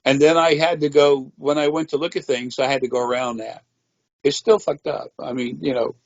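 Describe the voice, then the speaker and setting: A man's voice: medium pitch, fairly even intonation, fairly quick, no echo, lo-fi sound. A man telling a rambling personal story in a matter-of-fact way, with frequent swearing. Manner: meandering, profane, matter-of-fact. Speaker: interviewee.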